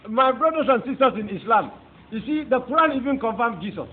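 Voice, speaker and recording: An extremely high-pitched man with lively intonation and a brisk delivery gives a convert's fervent preaching testimony in a Nigerian accent. Repeating phrases emphatically, he speaks to his listeners. Expect phone-like, tinny audio with faint background noise.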